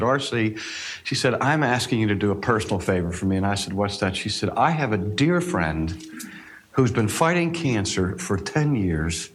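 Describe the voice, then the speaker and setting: Husky, lively-voiced male minister telling a story. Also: on the low side. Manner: earnest, reflective storyteller, quoting others. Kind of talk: storytelling sermon.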